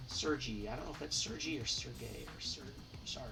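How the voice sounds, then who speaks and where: A man's voice: medium pitch, a little fast, creaky, recorded from a distance, music in the background. A man from Michigan chatting casually as he sorts and counts hockey cards aloud for his channel. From Michigan, United States. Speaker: hockey card collector, channel host. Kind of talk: casual card-sorting commentary.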